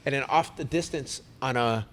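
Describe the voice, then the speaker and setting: A man, a podcast host telling a long story in casual chat, animated and rambling with restarts. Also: mid-range voice, moderate pace. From United States.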